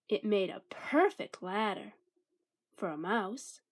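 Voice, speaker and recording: Slow, lilting woman reading a children's story. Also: medium pitch, animated. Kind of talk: children's picture book read-aloud.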